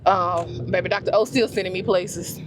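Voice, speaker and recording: A woman's voice: lowish voice, steady tone, normal speed, a little hiss or hum. A woman chatting to her camera while she drives, talking to herself and laughing easily. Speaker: vlogger. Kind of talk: casual vlog chat. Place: in a car, driving.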